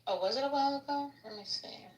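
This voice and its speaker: A woman hosting a live audio chat, relaxed and chatty, sending well-wishes to listeners. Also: high-pitched, fast, roomy sound, recorded from a distance, a little hiss or hum, poor audio. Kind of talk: casual chat.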